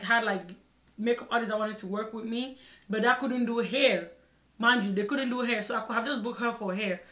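Young woman vlogging a story, acts out what she said back then, sounds like an echoey room. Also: medium pitch. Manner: expressive, re-enacts her own side of the conversations. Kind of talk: storytime vlog.

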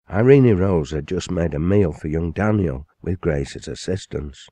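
Deep gravelly man reading a novel. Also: no echo. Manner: lifts pitch and volume for the excited father. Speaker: author reading his novel. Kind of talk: audiobook reading with character voices.

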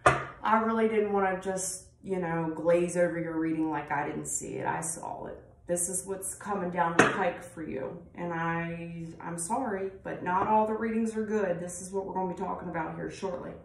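A woman's voice: fairly low pitch, animated, normal speed, creaky. A woman giving a casual tarot reading, talking bluntly and rambling, with frequent swearing. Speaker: tarot reader. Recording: roomy, distant mic, faint noise.

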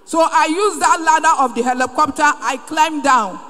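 A woman giving an emotional testimony in a large church, fervent and sometimes rising to a shout. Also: high voice, moderate pace. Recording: echoey hall.

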